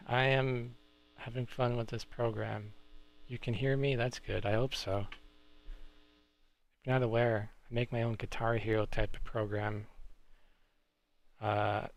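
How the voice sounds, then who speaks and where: Gravelly man chatting on a live stream. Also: on the low side, measured pace. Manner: relaxed, chatty, reacts to chat. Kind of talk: casual live-stream chat.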